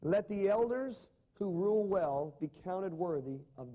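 Dramatic male preacher with a mellow voice. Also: a little high, brisk, hardly any pauses. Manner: dramatic, rising and falling emphasis, asks the congregation questions. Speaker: pastor. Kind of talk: sermon.

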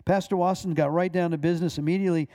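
A man who is a minister, reading a personal testimony aloud in a measured way, with small stumbles. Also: sits high, fairly even intonation, mellow.

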